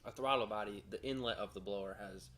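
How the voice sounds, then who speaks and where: A man co-hosting a casual car podcast, explaining in halting phrases with many fillers. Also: lowish voice, a bit bright, a little hiss or hum. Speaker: podcast co-host. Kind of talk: casual shop-talk podcast.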